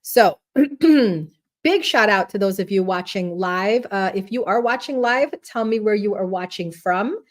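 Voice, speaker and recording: A woman's voice: mid-range voice, lively intonation, measured pace. A middle-aged woman hosting a casual wellness livestream, chatty and friendly, often tagging her sentences with "right?", and a little out of breath. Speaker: podcast host and wellness center owner.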